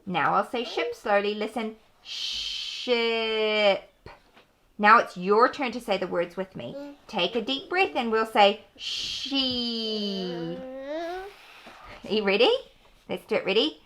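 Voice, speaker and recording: A woman's voice: mid-range voice, measured pace, a bit bright. A woman narrating a casual home vlog as a homeschooling mother, chatty and self-deprecating, often laughing. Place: busy family home. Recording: noisy home background.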